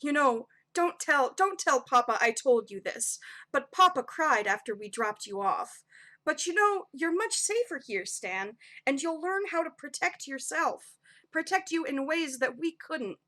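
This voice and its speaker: A doting male god, cheerful and affectionate, spills over with praise for his son in a tabletop game. His voice rides high and bright, loud with delight, as a woman game master puts him on. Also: lively intonation, a little slow, full character voice. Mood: tender. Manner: gushing, affectionate.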